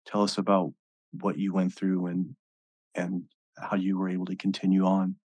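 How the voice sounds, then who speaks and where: A man hosting a podcast interview, speaking in a slow, reflective, steady way. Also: low voice, no room sound. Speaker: podcast host. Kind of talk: interview conversation.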